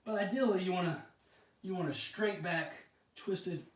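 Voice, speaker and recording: A man chatting casually while demonstrating yoga poses, out of breath and often clearing his throat, self-deprecating about his flexibility. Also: high voice, moderate pace. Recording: echoey room, voice from a distance.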